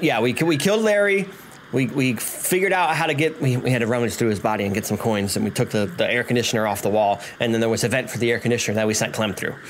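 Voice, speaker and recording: A man giving casual, profane let's-play commentary, excitable and laughing. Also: mid-range voice. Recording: noisy home recording.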